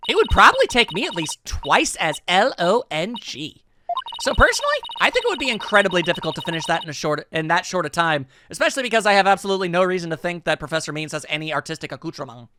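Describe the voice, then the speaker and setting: A man voicing a brash, excitable teenage girl student who talks in slang, with game music behind. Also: sits high, fast, noisy background. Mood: explaining.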